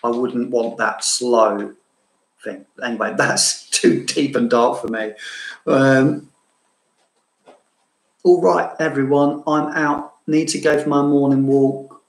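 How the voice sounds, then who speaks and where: A man from southeast London with a London accent softened by Cambridge, chatting casually and self-mockingly to viewers as he answers their questions, laughing often. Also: mid-range voice, fairly even intonation, takes it slowly, creaky, reverberant, poor audio. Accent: London with a bit of Cambridge. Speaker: fragrance vlogger.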